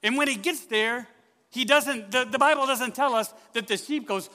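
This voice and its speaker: A man preaching a sermon in church, telling a story with lively questions to the congregation. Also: very high voice, moderate pace, big-room sound. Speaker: pastor.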